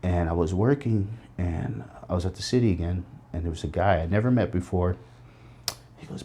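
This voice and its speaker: At a moderate pace and in a low-pitched, mellow voice, a middle-aged man earnestly and reflectively tells his life story as an interview guest, using quoted voices. A little hiss or hum runs under the recording.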